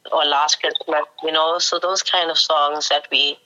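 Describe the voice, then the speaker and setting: A woman from South Africa answers in a casual, halting way, leaning on fillers as she thinks. Her voice sits low yet sounds bright and forward. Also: flat delivery, dull audio. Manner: hesitant, many fillers. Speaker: guest. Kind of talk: casual chat.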